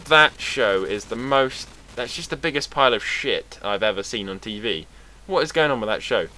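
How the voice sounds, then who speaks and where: Bright-voiced young British man rambling. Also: lowish voice, animated, fairly quick, slight background noise. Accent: British English. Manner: rambling, sarcastic, swears freely. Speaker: vlogger. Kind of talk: casual rambling monologue.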